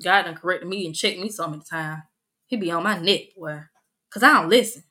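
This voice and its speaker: Bright-voiced young woman podcast host. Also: fairly low pitch, steady tone, fairly quick, low-quality recording. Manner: conversational, earnest, sermon-like encouragement. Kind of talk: casual faith podcast livestream.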